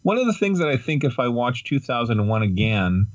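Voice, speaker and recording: A man co-hosting a podcast, chatting about films in a lively, jokey way. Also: fairly quick, dry recording, highs cut off. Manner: lively, jokey, sweeping pitch. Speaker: podcast co-host. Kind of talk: casual chat about films.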